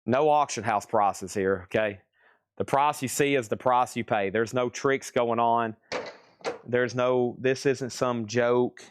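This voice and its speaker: A man's voice: medium pitch, no room sound, clean studio sound. Tired man selling records live. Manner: rambling, self-mocking, laughs often. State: tired and aching. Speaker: host of a live record sale. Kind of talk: casual livestream selling chat.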